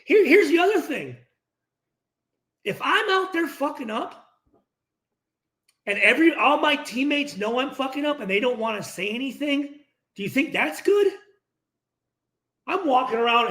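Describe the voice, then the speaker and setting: A man in his middle years talks straight and profanely about accountability, acting out locker-room exchanges in quick voices. His voice sits high for a man and leaps around constantly, full of energy. The room around him rings with a clear echo. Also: sing-song, pushed and bright. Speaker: former football player hosting a post-game reaction stream. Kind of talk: casual, profane livestream rant.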